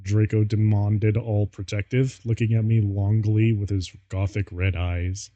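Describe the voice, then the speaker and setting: A man's voice: fairly low pitch, level tone, a little slow, warm tone, no echo, dull audio. A male streamer reading fan fiction aloud, amused and laughing often.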